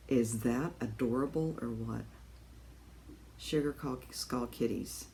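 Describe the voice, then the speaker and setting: A woman's voice: rumbling low, slow pace, long pauses, warm tone, a little hiss or hum. A woman chatting casually to camera from her apartment about her crafts, rambling with lots of ums and little laughs. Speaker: cross stitch vlogger. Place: home in an apartment.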